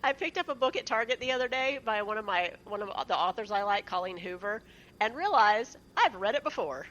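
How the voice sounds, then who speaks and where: A woman's voice: mid-range voice, animated, brisk, a bit bright, lo-fi sound. A woman co-hosting a casual podcast chat, telling a light anecdote in an easygoing way. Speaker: podcast co-host.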